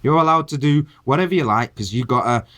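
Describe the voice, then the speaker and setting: A man's voice: mid-range voice, fast talker, fairly bright tone. A man delivering an impassioned video rant, preaching at his viewers and firing rhetorical questions at them. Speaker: vlogger.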